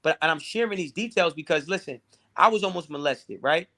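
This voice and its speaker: A man's voice: a little high, animated, fairly quick, bright, forceful tone. Intense man repeating himself as he talks. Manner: intense, repeats and restarts words. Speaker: interview guest. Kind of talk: emotional personal storytelling.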